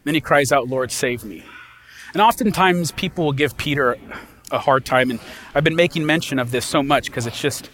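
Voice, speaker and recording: A man's voice: on the high side, a little fast, a bit bright. A man preaching a sermon as a pastor, talking in a conversational way and often checking in with his listeners.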